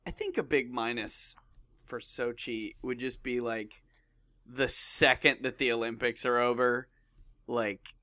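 A young man co-hosting a podcast, excitable and quick to jump in with jokes in casual chat. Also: medium pitch. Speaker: podcast co-host.

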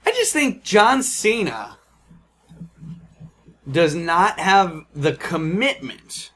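A man's voice: sits high, very animated, very slow, fairly bright tone. A man co-hosting a comedic podcast, joking and riffing in casual chat. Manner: jokey, plays along with bits. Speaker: podcast co-host.

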